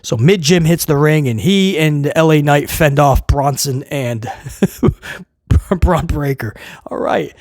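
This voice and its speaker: A man giving a blunt, sarcastic, exasperated solo review, breaking into loud comic outbursts to mock what he saw. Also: on the high side, slow pace, no echo, clean studio sound. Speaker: wrestling show reviewer.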